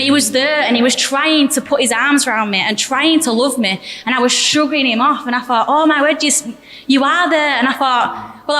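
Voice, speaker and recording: Young woman, candid and chatty, fairly high voice, reverberant church hall. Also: fairly bright tone. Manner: candid, chatty, laughs often. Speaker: church member giving testimony. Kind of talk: personal testimony to a congregation.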